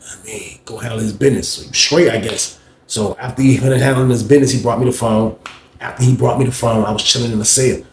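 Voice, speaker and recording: Fast-talking man telling a rambling story. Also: mid-range voice, steady tone. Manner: rambling slangy tale with many "man" and "you know what I mean". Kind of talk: casual storytelling. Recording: roomy echo with faint background noise.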